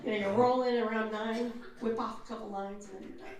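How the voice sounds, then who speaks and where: Joking actress in an echoey panel room. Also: female voice, on the high side, fast, distant mic, crowd noise. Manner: jokey, animated storyteller, acts out voices. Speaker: voice actor, panel guest. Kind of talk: convention panel Q&A.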